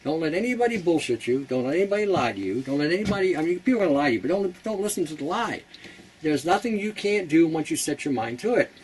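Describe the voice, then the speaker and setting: A man hosting a casual how-to talk. His voice sits slightly high, and he is blunt and chatty, often laughing at his own jokes. A faint hum of noise sits behind him. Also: expressive, fast, a little mellow, low-quality recording. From Canada. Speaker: host.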